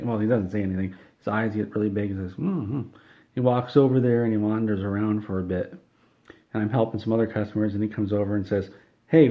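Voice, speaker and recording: A man telling an absurd comedic story in a deadpan, matter-of-fact way, with a few hesitations. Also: fairly low pitch. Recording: dull lo-fi recording.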